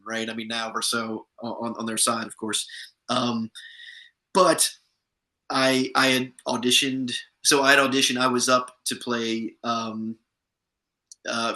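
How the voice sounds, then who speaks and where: Bright-voiced man telling actor stories. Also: medium pitch, rough recording. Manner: chatty, anecdotal, many restarts. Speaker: actor guest. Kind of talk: casual interview storytelling.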